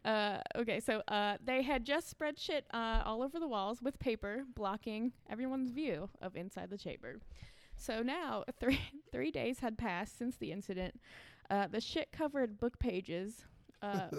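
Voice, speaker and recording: A woman with a fairly high voice reads a creepy story to her podcast co-hosts, breaking into laughs and fillers as she goes. The sound is dry and close, with no room around it. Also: measured pace, few pauses, no room sound. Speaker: podcast co-host reading the story. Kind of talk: casual podcast chat, reading aloud.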